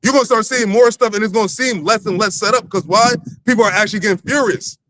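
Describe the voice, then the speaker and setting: A man's voice: high voice, fast, a bit bright, no room sound, rough recording. A man leading a livestreamed Bible teaching, talking loosely and profanely with many fillers and restarts. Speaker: lead teacher of a religious camp.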